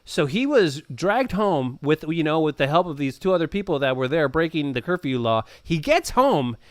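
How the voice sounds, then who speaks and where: Lively high-voiced man reading news casually. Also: moderate pace, no echo, clean studio sound. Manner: laughs often, stumbles and repeats words. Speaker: podcast co-host reading news stories. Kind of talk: casual podcast banter.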